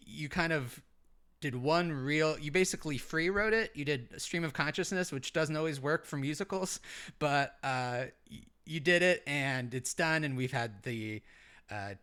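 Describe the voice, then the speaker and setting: Comedic co-host, male, bright and crisp voice, halting improv delivery. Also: medium pitch. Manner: rambling, halting, full of fillers. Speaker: podcast co-host in character as a park ranger.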